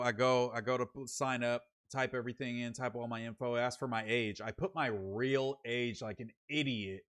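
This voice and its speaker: A man's voice: mid-range voice, steady tone, normal speed, hardly any pauses, a bit bright, clear, resonant tone. A young man from Sacramento hosting his own livestream, reading viewer comments and telling rambling, slangy stories full of fillers. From Sacramento, California. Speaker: streamer hosting a late show.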